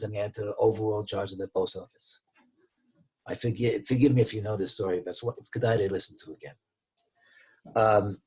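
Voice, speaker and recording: A man telling a moral story to a gathering, halting with many restarts and acting out the quoted voices. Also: medium pitch, darkish tone, breathy edge. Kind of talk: storytelling talk.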